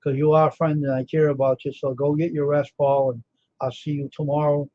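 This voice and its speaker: A man's voice: fairly high pitch, little pitch movement, brisk, darkish tone, dull audio. A tired man hosting a casual livestream, rambling about his screen printing work and talking to viewers by name in a self-assured way. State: tired and yawning.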